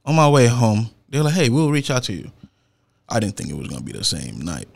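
A man's voice: medium pitch, brisk, creaky. A man, a performance poet, telling a story in a casual, slangy way. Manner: slangy, animated retelling with laughs and acted-out quotes.

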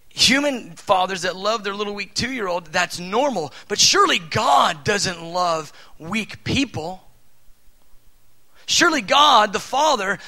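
A man in his thirties preaching a sermon in an animated way, with rhetorical questions and bursts of loud emphasis. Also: on the high side, vocal fry, poor audio.

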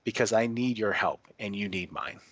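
A stubborn young king answers in short, plain lines, read by a man. His voice is fairly low and dry. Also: normal speed, fairly bright tone, no echo. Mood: blunt. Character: young male northern king, blunt and stubborn.

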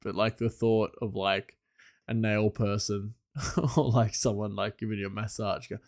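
A man's voice: lowish voice, fairly even intonation, a little slow, a little mellow. A man hosting a solo podcast in loose, rambling casual chat with frequent chuckles. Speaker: podcast host.

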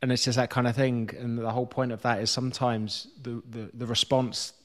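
A man's voice: mid-range voice, level tone, a little fast, fairly bright tone. A man talking thoughtfully and self-deprecatingly as a podcast guest, with casual swearing. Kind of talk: candid conversational podcast talk.

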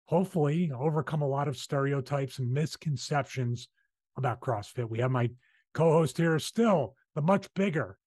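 A man's voice: fairly high pitch, normal speed, a little mellow, no echo, studio quality. A man with a Philadelphia accent hosting a casual podcast, talking in rambling, self-correcting sentences. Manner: chatty, rambling, restarts his sentences. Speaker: podcast host.

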